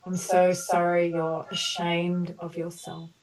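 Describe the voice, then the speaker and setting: Woman coach on a video call, low mellow voice, sounds kinda far from the mic, slow and soothing. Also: completely flat delivery, a little hiss or hum. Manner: slow, soothing repeated apologies, then loose chatty explaining. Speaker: voice coach leading an online group session. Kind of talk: guided emotional healing session.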